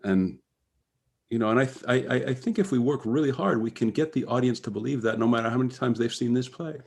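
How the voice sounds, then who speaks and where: A man talking through a scene in a seminar discussion over a video call, halting and searching for words. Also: medium pitch, lively intonation, vocal fry, darkish tone. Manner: halting, searching, many restarts. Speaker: actor in a play-reading seminar. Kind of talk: thoughtful discussion.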